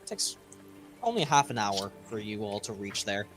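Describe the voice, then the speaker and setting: A man running a tabletop game as game master, narrating scenes vividly with sudden loud stresses. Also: fairly low pitch, big pitch swings, moderate pace, music in the background.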